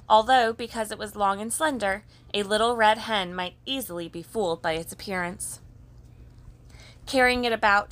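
A woman narrates a children's story with a gentle, even delivery. Her voice is bright and crisp, at a middle pitch. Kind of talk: reading a children's story aloud.

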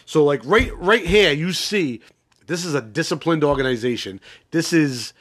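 A man's voice: a little high, moderate pace, a bit bright. A man hosting a podcast, recapping a crime series in a rambling, profane, casual way with many restarts and fillers. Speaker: podcast host.

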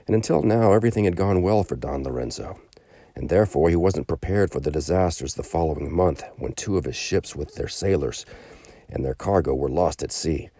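A man reading a children's story aloud in a calm narrating voice, raising his pitch for the quoted characters. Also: fairly quick, no echo, clean studio sound.

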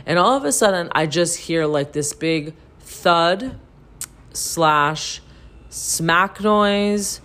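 A woman co-hosting a podcast, telling a story in casual, animated chat to her listeners, swearing freely and saying "like" a lot. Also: fairly low pitch, drawn-out words. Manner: animated, profane, heavy use of "like". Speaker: podcast co-host.

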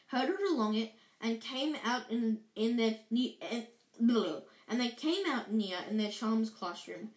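A woman reading a book aloud casually, stumbling and restarting lines as she corrects herself. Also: a little high. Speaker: reader. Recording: echoey room.

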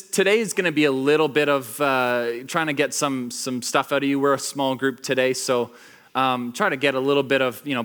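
A man giving a casual sermon to a small group, telling a story with lots of fillers and acting out the quotes. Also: mid-range voice. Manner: animated storytelling, acts out quotes, many fillers. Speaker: pastor.

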